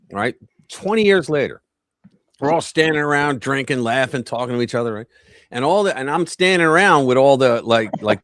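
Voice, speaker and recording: A man's voice: mid-range voice, no echo, clean studio sound. A man co-hosting a live stream, telling a story in a casual chat and acting out the quoted voices. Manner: animated, acts out quoted voices. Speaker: co-host.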